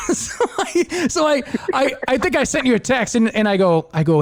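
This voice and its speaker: A man's voice: very high voice, very animated, normal speed, hardly any pauses. A young adult man hosting a podcast, telling a rambling story in casual chat and laughing often. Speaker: podcast host.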